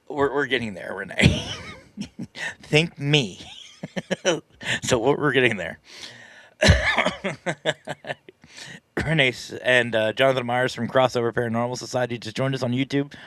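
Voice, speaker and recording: A man's voice: medium pitch, fairly bright tone, no echo. A man hosting a live stream, casually telling a story in a chatty, self-deprecating way and laughing often. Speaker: paranormal team leader and live stream host.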